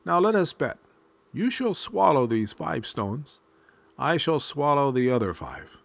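A man's voice: on the high side, big pitch swings, unhurried, vocal fry, a bit bright, no room sound, pitched above the performer's own voice, full character voice. A man voicing a crafty, boastful male coyote trickster in a spoken folk tale, giving orders and mocking. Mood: cunning. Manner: boastful, commanding.

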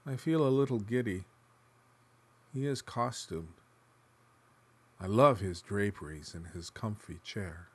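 A man reading literary fiction aloud in the first person, musing and dramatic, sometimes dropping to a hush. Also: lowish voice. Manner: dramatic, shifting between musing and hushed tones. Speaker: narrator.

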